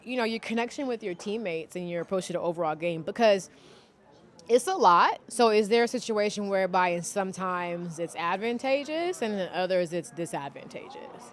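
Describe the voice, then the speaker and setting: Animated woman podcast host. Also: medium pitch. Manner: animated, expressive, frequent affirmations. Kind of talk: interview conversation.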